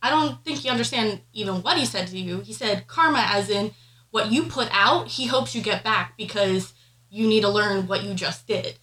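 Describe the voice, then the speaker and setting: A woman's voice: medium pitch, moderate pace, a bit bright, poor audio. A pregnant woman on a podcast, emotionally retelling a family argument with lots of fillers. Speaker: podcast co-host. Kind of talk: casual chat, personal storytelling.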